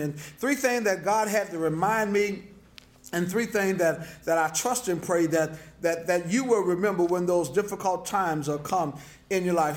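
New pastor in his 50s, high voice, fired up preaching, repeats himself and stumbles on restarts, echoey hall. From New Orleans, USA. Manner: impassioned preaching with repetitions and stammered restarts. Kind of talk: sermon lecture. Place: lecture hall.

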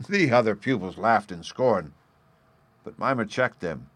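A man narrates a storybook in a low voice. He reads at a steady, measured pace. The recording is dry and close to the mic. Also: dry recording. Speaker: audiobook narrator. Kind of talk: scripted narration.

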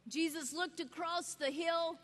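A woman giving a sermon, telling the story with lively energy and acting out the voices of the people in it. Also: extremely high pitch, measured pace. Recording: long reverb of a large hall.

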